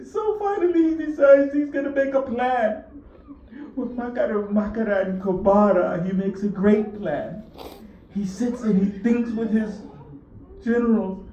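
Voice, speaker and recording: A woman's voice: a little high, a little slow, warm tone, muffled recording, slight background noise. A woman reciting an emotional religious eulogy with tearful, repetitive storytelling, heard from a distant mic in a mosque hall. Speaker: majlis reciter.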